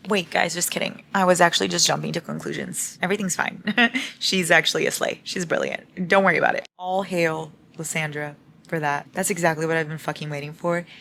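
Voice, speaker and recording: Young woman reading vlog at home, kinda low voice, super excited, squeals and swears a lot, bit of noise behind. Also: vocal fry. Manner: swearing, gushing, squealing bird calls. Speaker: book vlogger. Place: home with noisy household.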